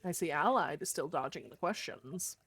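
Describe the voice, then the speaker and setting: A woman's voice: low-pitched, animated, normal speed, fairly bright tone, husky, no room sound. An American woman streamer in casual chat with her viewers, on a streaming microphone. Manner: casual, chatty, talking to chat.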